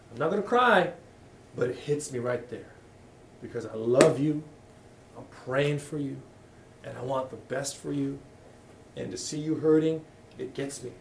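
Middle-aged guy pastor giving a sermon, gravelly voice, roomy echo, a bit far from the mic. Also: medium pitch, a little hiss or hum. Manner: candid, conversational, with frequent restarts. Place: church hall. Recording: echoey room, voice from a distance.

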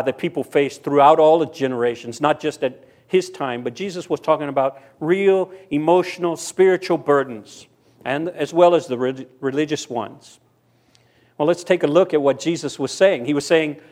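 A man's voice: on the high side, moderate pace, darkish tone. A man preaching a sermon, telling a story and briefly acting out the people in it. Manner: storytelling, voicing characters in quotes. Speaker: pastor.

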